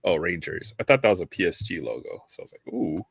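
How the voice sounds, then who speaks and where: A man hosting a casual chat while opening trading card packs, laughing often and getting excited over his pulls. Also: sits low, quick pace, vocal fry, breathy edge, dry recording. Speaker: host. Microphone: own microphone.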